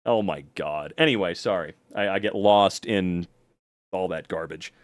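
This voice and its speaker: A man's voice: deep voice, unhurried, no room sound. A tired man chatting casually on a livestream, reading the chat, rambling and swearing a lot.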